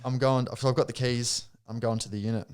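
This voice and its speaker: A young Australian man, a podcast guest, telling a story in casual chat with lively laughs and acted-out quotes. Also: mid-range voice, brisk, smooth.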